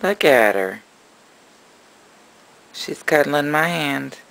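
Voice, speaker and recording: A man's voice: on the high side, lively intonation, very slow, gravelly, a bit bright, low-quality recording. A man narrating a casual vlog about his pet reptiles, rambling and affectionate, cooing at his animals. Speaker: reptile keeper.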